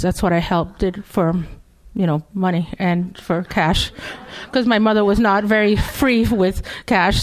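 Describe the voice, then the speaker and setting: A woman's voice: mid-range voice, darkish tone. A chatty woman author born in Cuba, speaking at a bookstore reading. She talks casually, full of fillers and self-deprecating asides, and laughs often.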